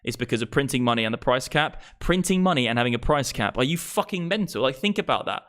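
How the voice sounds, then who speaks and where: A man of about thirty, ranting on a live stream. His voice sits at an ordinary middle pitch, and he talks in a blunt, exasperated way, swearing freely and mocking the ideas he argues against. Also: lively intonation, quick pace, a bit bright, clear, resonant tone. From England. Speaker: crypto streamer.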